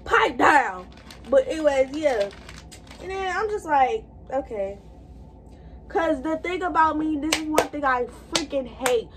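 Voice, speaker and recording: A woman with a high voice, talking straight to her viewers as she gets ready. Her casual chat rambles from one thought to the next, recorded on a phone or camera held close. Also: lively intonation, unhurried, background noise. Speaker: vlogger.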